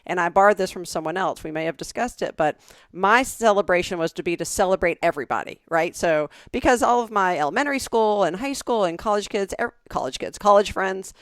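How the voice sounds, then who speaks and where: A woman's voice: medium pitch, animated, fairly quick, no echo, clean studio sound. A woman in her forties co-hosting a podcast, telling rambling stories in casual chat with lots of restarts. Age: 40s. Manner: chatty storyteller with many restarts. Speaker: podcast co-host.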